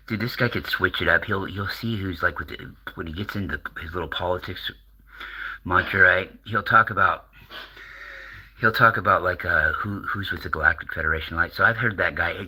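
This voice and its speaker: A middle-aged American man rambles through a casual monologue, cursing and chuckling as he goes. His voice sits very low, with a husky grain and a hard, sharp edge. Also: normal speed, low-quality recording. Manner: rambling, profane, laughs often. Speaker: channel host.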